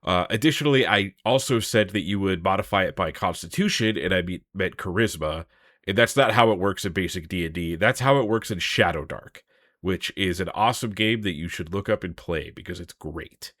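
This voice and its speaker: A man's voice: low-pitched, fairly quick, fairly bright tone, no room sound, clean studio sound. A man hosting a podcast, chatting casually about a tabletop adventure, rambling with fillers and restarts and laughing easily. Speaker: podcast host. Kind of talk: casual tabletop game discussion.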